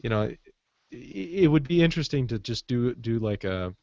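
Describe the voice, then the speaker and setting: A man's voice: mid-range voice, lively intonation, normal speed, gravelly, a little mellow, dry recording. A man co-hosting a casual podcast chat, rambling with frequent fillers, heard over muffled call audio. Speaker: podcast co-host.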